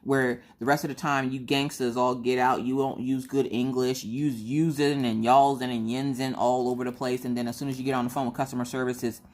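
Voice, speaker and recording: Low-voiced chatty woman vlogger. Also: a little fast, few pauses. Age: middle-aged. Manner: chatty, animated, acts out quotes of herself and her kids. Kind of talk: casual storytelling ramble.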